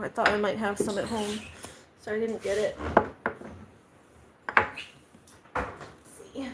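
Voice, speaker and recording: A woman chatting casually to her stream viewers while she packs up things at home, rambling along and talking sweetly to her cat. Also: very noisy. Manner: chatty, rambling, self-narrating; high baby talk to her cat. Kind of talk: casual live-stream chat while packing. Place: indoors at home.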